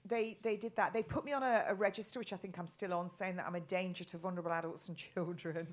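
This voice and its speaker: Middle-aged woman from England, guest in a live chat, rambling with lots of restarts, lowish voice. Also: fairly even intonation, fast. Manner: rambling, many restarts and ums.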